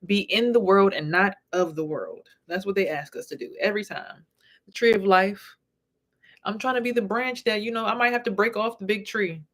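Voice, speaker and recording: This vlogger and spiritual reader delivers a casual talking-to-camera monologue, blunt and full of swearing as she tells her stories. Her voice is mid-range and slightly bright, at a moderate pace.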